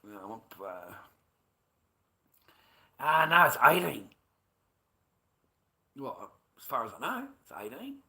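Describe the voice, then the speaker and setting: A man's voice: medium pitch, wildly swooping pitch, takes it slowly, long pauses, sharp tone. A middle-aged man livestreaming, rambling in casual chat with heavy swearing and an agitated, repetitive way of talking.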